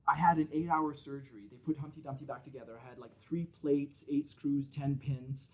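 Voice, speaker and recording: A man's voice: mid-range voice, steady tone, a little fast, hardly any pauses, rough recording. A man in his thirties telling a vivid personal story on stage, acting out the voices of the people in it. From Canada. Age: 30s. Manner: vivid storytelling, shouts out quoted children.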